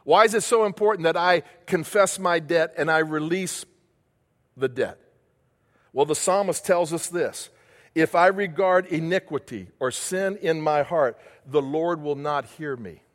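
Man, pastor, sermon, rhetorical questions, somewhat high pitch, reverberant hall. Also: a little slow, fairly bright tone. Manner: preaching with rhetorical questions to the congregation.

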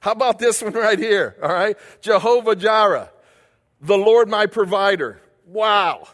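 A man's voice: high-pitched, a little slow, a bit bright, big-room sound. A male pastor delivering a sermon, building emphasis with repeated phrases and questions to the congregation.

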